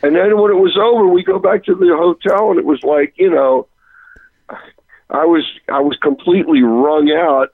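A man, a touring rock musician, telling an animated anecdote on a radio interview, breaking off and restarting as he goes. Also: a little high, normal speed, no echo, narrow, tinny audio. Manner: animated, self-interrupting, chuckling storyteller.

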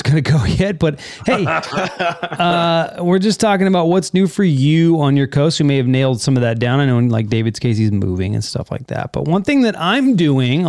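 A man's voice: on the high side, darkish tone, no room sound, clean studio sound. A man hosting a podcast in casual chat, rambling and correcting himself with enthusiasm. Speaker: podcast host.

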